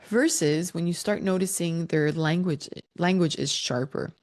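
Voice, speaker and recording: Parenting educator, female, middle-aged, low voice, lively and chuckling as she explains. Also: a little slow. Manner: warm, animated, laughs between points. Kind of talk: explaining child development.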